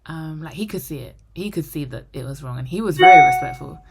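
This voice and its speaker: A young woman vlogger telling a personal story to camera, animated and acting out the dialogue. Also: low-pitched, quick pace. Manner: animated, acts out quoted dialogue; drops to a whisper for inner thoughts. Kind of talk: storytime monologue.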